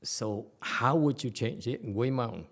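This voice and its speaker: A man's voice: medium pitch, moderate pace. A man giving a conversational Buddhist sutra lecture, often stopping to question his audience. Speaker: Buddhist teacher.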